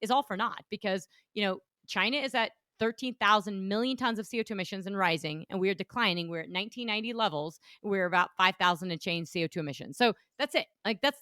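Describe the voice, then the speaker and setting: A woman hosting a political podcast, talking fast and full of conviction and stumbling over restarts as she presses her points. Her voice is bright and forceful. The recording is dry and close. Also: medium pitch, no echo. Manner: fast, emphatic, opinionated, with many restarts. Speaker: podcast host and energy economist. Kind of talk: casual political podcast chat.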